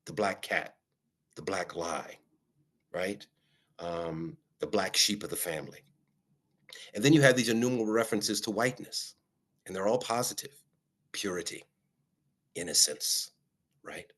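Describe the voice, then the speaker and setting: A man speaking as a guest, talking reflectively and measuredly, often pausing on "um" and checking in with "right?". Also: low voice, fairly bright tone. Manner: measured, with frequent ums and rhetorical "right?". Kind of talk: reflective conversational talk.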